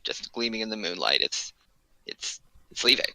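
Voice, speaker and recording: A man running a tabletop game as game master, talking in a loose, rambling way full of fillers. His voice is very bright and forward, with a dry, close sound and no room around it. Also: lowish voice, big pitch swings, normal speed, gravelly, no room sound, rough recording. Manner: casual, rambling, lots of fillers.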